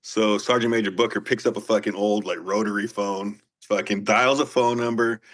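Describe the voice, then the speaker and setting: A man's voice: fairly low pitch, normal speed. A man, a former Marine guest, telling profane war stories in casual chat. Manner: profane, animated storyteller. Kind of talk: casual storytelling.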